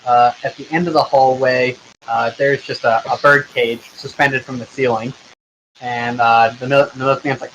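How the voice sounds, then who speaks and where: A man's voice: medium pitch, fairly even intonation, moderate pace, fairly bright tone, slight background noise, poor audio. A man running a tabletop game online, narrating loosely with lots of filler words. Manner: loose, rambling, with many fillers. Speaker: game master.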